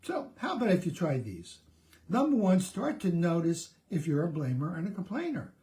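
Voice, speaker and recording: A man's voice: sits high, wildly swooping pitch, normal speed, warm tone. A middle-aged man, a therapist, giving a conversational self-help talk, often restarting and repeating words.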